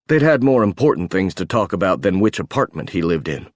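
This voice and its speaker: A man with a low voice narrating an audiobook, steady and measured. The sound is dry and close to the mic, with no room at all. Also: dry recording. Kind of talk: scripted narration.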